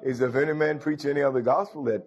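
A man's voice: on the high side, steady tone, fast talker. A man preaching a sermon, quoting scripture and breaking in with exclamations of praise.

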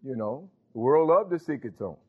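A man's voice: medium pitch, expressive, normal speed. Emphatic preaching man over a tinny line. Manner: emphatic preaching with call-and-response interjections. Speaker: pastor. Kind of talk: sermon. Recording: tinny phone-like sound.

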